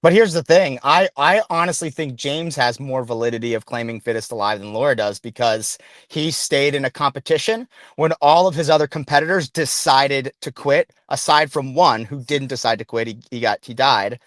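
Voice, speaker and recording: A man's voice: medium pitch, normal speed, few pauses, fairly bright tone, no room sound. A stressed man calling in to a podcast, talking casually in long, loose sentences full of fillers. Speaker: caller.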